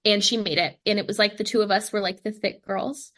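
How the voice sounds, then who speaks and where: A young woman, a professional dancer, telling her story in a casual podcast interview, animated and full of "like," acting out the voices of the people she quotes. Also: medium pitch, a little fast. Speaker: podcast guest, pro dancer.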